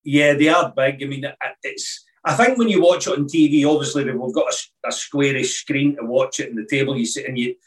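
A middle-aged Scottish man, a podcast guest, recalling his past in a relaxed, halting way with many restarts. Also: medium pitch, far from the mic. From Scotland. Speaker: guest, former snooker player. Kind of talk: casual interview chat.

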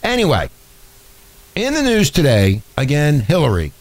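A man's voice: on the high side, huge pitch swings, normal speed, low-quality recording. A man hosting a casual political talk show, rambling and sarcastic with lots of restarts. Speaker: radio talk show host.

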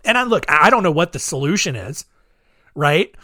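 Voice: mid-range voice, sing-song, moderate pace, bright, forceful tone, no echo, studio quality. A podcast host giving solo commentary in a rambling way, leaning heavily on filler words. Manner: rambling, heavy use of "like".

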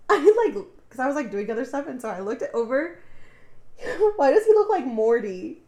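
A woman's voice: high voice, expressive, normal speed, dark tone. A woman co-hosting a casual podcast, talking expressively, swearing and groaning. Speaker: podcast co-host. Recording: echoey room.

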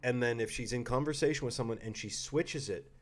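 A man's voice: mid-range voice, fairly quick. A man co-hosting a casual podcast chat, rambling and joking, slipping into quoted voices. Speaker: podcast co-host.

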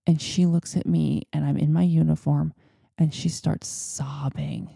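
A woman's voice: deep voice, steady tone, measured pace, vocal fry, mellow, breathy edge, no echo, studio quality. A woman hosting a podcast, telling a personal story in a chatty, rambling way. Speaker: podcast host. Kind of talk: casual storytelling.

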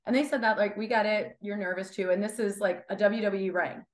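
A woman's voice: medium pitch, a little fast. Chatty young woman, roomy sound. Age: 20s. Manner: chatty, animated, acts out quotes. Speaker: guest wrestler. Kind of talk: casual interview chat.

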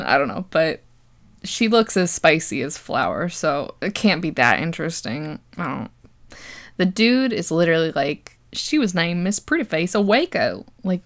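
A woman's voice: on the low side, fairly bright tone. Sarcastic young woman recapping a movie. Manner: sarcastic, laughs often, swears freely. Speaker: podcast host.

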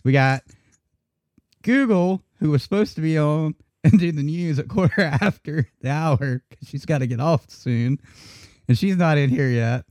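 A male host runs a live internet radio talk show, chatting casually and laughing along the way. His voice is fairly high and a little slow, with a darkish tone and no echo.

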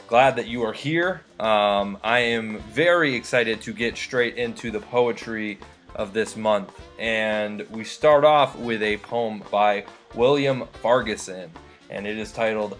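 A man introducing a magazine issue as one of its editors, talking in a halting way with many fillers and restarts. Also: fairly low pitch, a bit bright, soft background music. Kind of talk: casual spoken introduction.

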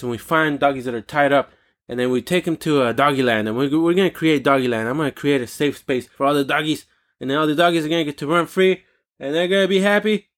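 A man hosting a talk show alone, ranting in a casual, animated and indignant way, swearing freely. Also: fairly high pitch. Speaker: podcast host. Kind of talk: casual solo rant.

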